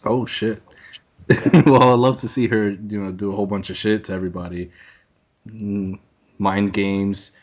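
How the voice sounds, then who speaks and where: A man's voice: on the low side, fairly even intonation, moderate pace, a little mellow. A man hosting a casual podcast, rambling loosely and laughing easily. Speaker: podcast host. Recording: dull lo-fi online call audio.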